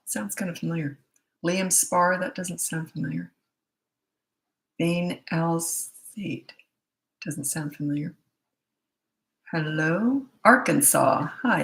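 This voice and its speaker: A woman's voice: fairly low pitch, measured pace, gravelly, pauses often, fairly bright tone, poor audio. A middle-aged woman who works as a parenting coach chats casually on a livestream, greeting viewers by name and place with jokey asides.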